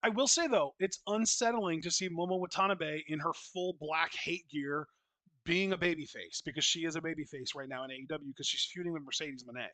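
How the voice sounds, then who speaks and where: A man with a fairly high, bright, sharp voice talks in a loose, unscripted podcast style. He is blunt, opinionated and freely profane, and he circles back with restarts as he thinks. The sound is close and dry, with no room around it. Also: brisk, no echo. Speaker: wrestling podcast co-host. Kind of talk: casual podcast chat.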